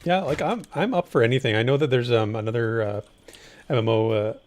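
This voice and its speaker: A man's voice: medium pitch, fairly quick, darkish tone. A man co-hosting a gaming stream, chatting casually and opinionated in an easygoing way over a voice chat mic. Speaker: stream co-host and gamer.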